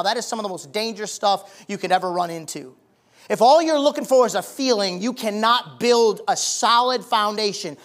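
Male pastor, folksy plain-spoken sermon, swings from hushed to fiery. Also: high voice. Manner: folksy preaching that swells from quiet talk to loud, emphatic fervor; colloquial, plain-spoken phrasing.

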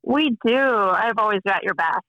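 A woman's voice: medium pitch, moderate pace, dry recording. A woman guest chatting easygoing on a podcast, giving short friendly replies. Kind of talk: casual podcast chat. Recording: dull lo-fi sound.

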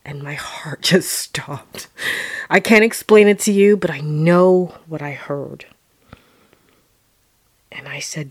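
A woman telling a personal story dramatically, dropping into hushed whispers and then rising into loud outbursts. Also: fairly low pitch, animated, slow, husky, no echo.

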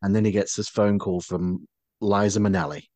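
A man co-hosting a casual chat, retelling a story in a measured way with hesitations. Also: fairly low pitch, steady tone, a little mellow, dry recording. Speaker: podcast co-host.

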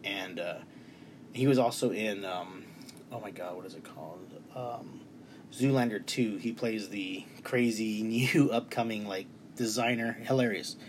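A man's voice: lowish voice, a little slow, a little hiss or hum. Emotional, enthusiastic man reviewing a film. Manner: enthusiastic, emotional, rambling with restarts. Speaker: movie reviewer. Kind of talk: casual movie review. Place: bedroom.

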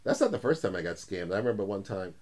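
A middle-aged man telling funny stories in a casual chat, acting out quoted lines in a higher voice and laughing often. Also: fast talker. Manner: animated, acts out quotes with raised pitch, laughs often.

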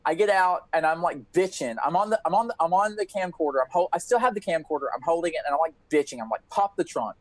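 A man's voice: on the high side, fast talker, few pauses, poor audio. A man telling a wild story on a casual podcast, swearing freely and acting out everyone's lines. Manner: animated, profane, acts out quotes. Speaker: podcast co-host.

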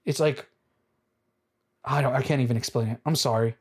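Rambling, excitable casual movie reviewer. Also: medium pitch, moderate pace, husky. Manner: rambling with frequent restarts and fillers like "like" and "dude"; excitable, swings up into loud animated bursts.

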